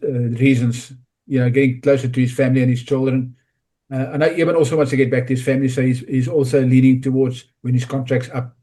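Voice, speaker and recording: A man's voice: medium pitch, mellow. A man talking rugby analysis in a casual podcast chat, often restarting and repeating words. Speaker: rugby pundit.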